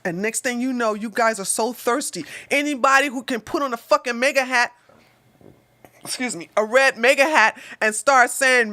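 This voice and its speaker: A woman hosting a political livestream, ranting combatively and with lots of swearing, jumping between loud outbursts and quiet mutters. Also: high voice, expressive, moderate pace, no echo, clean studio sound.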